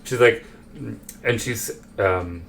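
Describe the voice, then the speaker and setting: A man with a fairly low voice runs a solo tabletop session. He narrates haltingly, full of fillers and restarts as he describes each character. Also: fairly bright tone, slight background noise. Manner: hesitant, many fillers and self-corrections. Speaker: game master.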